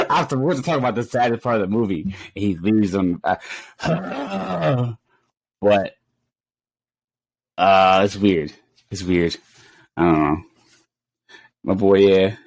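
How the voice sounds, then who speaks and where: A man co-hosting a podcast, chatting casually and animatedly, with bursts of high-pitched exclamations and laughter. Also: expressive, takes it slowly, gravelly, pauses often, no echo. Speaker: podcast co-host.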